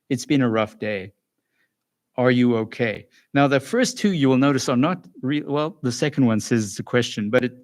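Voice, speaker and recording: A man giving a calm, earnest talk to parents as a school psychologist, pausing and restarting now and then. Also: medium pitch. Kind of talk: recorded lecture for parents.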